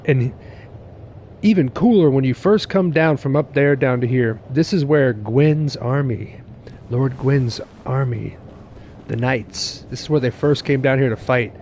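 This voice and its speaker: A young man streaming a game live, excitable and laughing, swearing casually and chatting with his viewers while nursing a sore tooth. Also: medium pitch, a little slow, a little hiss or hum.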